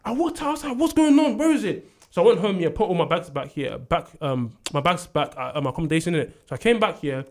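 A young man tells a story at a quick clip, and his voice sits a touch higher than most men's. He is animated, jumps into the voices of the people in his tale and laughs through the telling. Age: young adult. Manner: animated storyteller who acts out quotes and laughs often. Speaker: university student. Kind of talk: casual storytelling chat.

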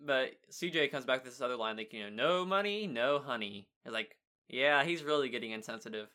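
Bright-voiced young man recapping casually. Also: medium pitch, fast. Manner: relaxed, recaps the plot, chuckles. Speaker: podcast co-host. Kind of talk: casual chat reviewing a kids' show episode.

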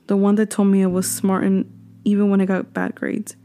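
A woman reading a horror story aloud, slow and hushed, sometimes dropping to a whisper. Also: mid-range voice, monotone, slight background noise.

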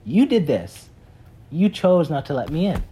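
A man voicing a calm, patient Jesus in a plain, steady way. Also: a little high, unhurried, slight background noise, voice pushed up.

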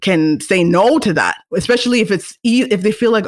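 A young woman hosting a solo podcast, talking casually in a chatty, animated way. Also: mid-range voice, brisk. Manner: chatty, animated, restarts and laughs. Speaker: podcast host.

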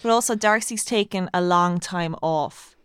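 A woman co-hosting a casual film review chat, measured and analytical. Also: fairly low pitch, a bit bright, clear, resonant tone, no room sound, clean studio sound. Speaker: podcast co-host.

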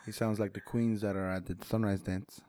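A man's voice: fairly low pitch, flat delivery, fairly quick, warm tone. A man joking with and goading his friends on a casual podcast. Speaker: podcast co-host. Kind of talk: casual chat. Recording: faint background noise.

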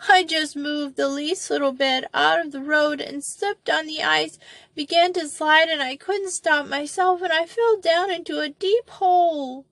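A woman's voice: high-pitched, a little slow, vocal fry, fairly bright tone, no echo, pitched above the performer's own voice, full character voice. A woman playing a sobbing, terrified little girl. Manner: sobbing, pleading. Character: small frightened girl trapped in a pit.

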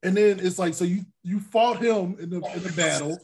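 A man hosting a casual podcast chat, animated, acting out his reactions with loud exclamations. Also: high voice, a little fast, a little hiss or hum. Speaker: podcast host.

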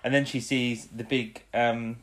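A man's voice: medium pitch, little pitch movement, measured pace, a bit bright. A man in casual conversation whose voice sits in the middle range. He chats easily, laughs often and slips into the characters' lines as he recaps what happened. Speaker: podcast co-host. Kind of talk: casual chat recapping an episode.

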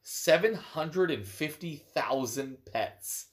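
A man's voice: fairly high pitch, lively intonation, slow pace. Laid-back man prompting his co-host. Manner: laid-back, prompting, lots of short agreements. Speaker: podcast co-host. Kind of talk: casual podcast chat.

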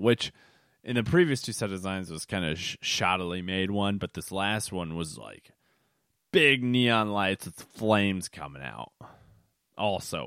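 A man's voice: low voice, a bit bright, clear, resonant tone, no room sound, studio quality. A young man hosting a podcast, telling a rambling, casual story with fillers and restarts, recorded late at night. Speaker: podcast host. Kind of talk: casual solo podcast monologue.

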